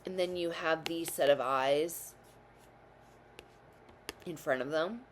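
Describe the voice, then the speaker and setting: A woman's voice: low-pitched, takes it slowly, slight background noise. A woman hosting her own tarot channel, talking to viewers in a meandering, self-correcting way while she has the hiccups. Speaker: tarot reader and channel host. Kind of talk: casual tarot reading to camera.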